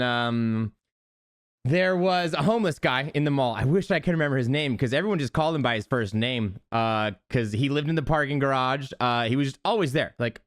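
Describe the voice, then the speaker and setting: A young man, a podcast co-host, telling an animated, laugh-prone story in casual chat. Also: medium pitch, clear, resonant tone.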